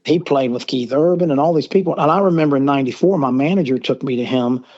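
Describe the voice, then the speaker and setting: This is a middle-aged man with a Southern US accent, a podcast guest who tells long, rambling casual stories and acts out quoted lines. He talks fast in a mid-range voice with a darkish tone. The remote-call audio comes through muffled.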